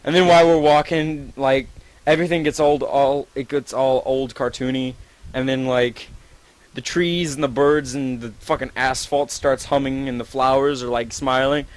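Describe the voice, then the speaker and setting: A man's voice: medium pitch, fairly even intonation, moderate pace, rough recording. Man spinning a rambling gross-out story. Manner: rambling, profane, gleefully gross, many "like"s. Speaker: storyteller among friends. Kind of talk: improvised absurd story to a friend.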